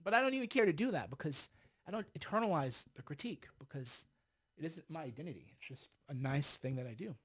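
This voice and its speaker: A middle-aged man delivers livestreamed political commentary in a blunt, emphatic way. His voice sits fairly high for a man. He pauses to puff on a cigar as he talks. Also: expressive, slightly rough.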